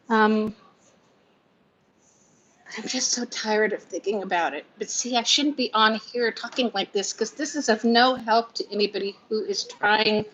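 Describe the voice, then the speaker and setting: A fifty-something vlogger hosts a livestream from her home, rambling emotionally and sharing confidences while laughing through the sadness. Her voice runs a little high and a bit bright, and the audio is lo-fi.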